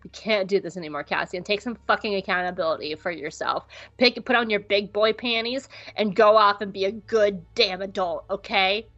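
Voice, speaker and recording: A woman's voice: medium pitch, moderate pace, fairly bright tone, natural voice. A woman voicing an angry, fed-up young woman who scolds bluntly and swears, on a dull lo-fi recording.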